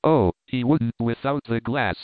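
A man voicing a haunted, agitated middle-aged sea captain who speaks in a hushed, urgent way. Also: medium pitch, measured pace, dry recording, natural voice. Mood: hushed, anxious. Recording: narrow phone-like band.

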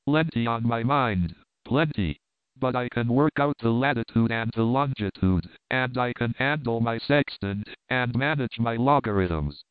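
A man voicing a haunted, agitated middle-aged sea captain who speaks in a hushed, urgent way. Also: mid-range voice, lively intonation, a little slow, clear, resonant tone, dry recording, natural voice. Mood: defiant. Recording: narrow phone-like band.

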